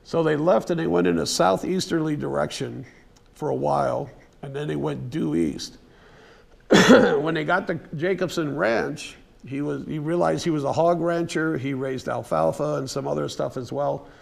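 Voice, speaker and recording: Gravelly, husky-voiced man giving a talk. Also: fairly high pitch, normal speed. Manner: conversational, folksy, with fillers and restarts. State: occasionally clearing his throat. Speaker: presenter giving a museum lecture. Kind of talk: casual unscripted lecture storytelling. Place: museum presentation room.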